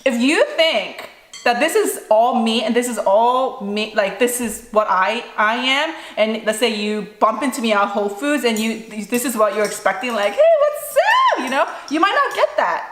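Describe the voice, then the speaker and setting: Mukbang mom, playful and joking, slightly high, recorded in an echoey kitchen. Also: female voice, moderate pace, slight background noise. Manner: animated, playful and self-mocking. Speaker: mukbang vlogger, mother. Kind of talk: casual chat while eating. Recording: echoey room with faint dish clatter.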